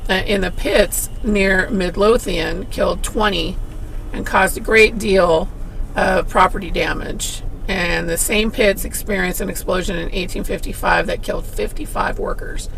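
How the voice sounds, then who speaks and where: Creaky-voiced woman podcast co-host. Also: mid-range voice, steady tone, fairly bright tone, a little hiss or hum, rough recording. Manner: measured, explanatory storytelling. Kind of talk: casual paranormal podcast chat.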